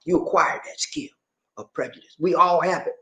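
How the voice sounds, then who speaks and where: A man hosting his own show, explaining things to viewers casually in an animated, playful way and teasing the audience. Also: fairly high pitch, moderate pace. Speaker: host. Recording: echoey room.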